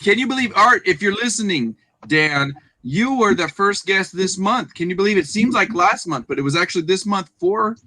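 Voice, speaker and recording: A man co-hosting a casual livestream chat, who talks excitedly and hypes up the viewers in the chat. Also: high voice, moderate pace, hardly any pauses, no room sound. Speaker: podcast co-host.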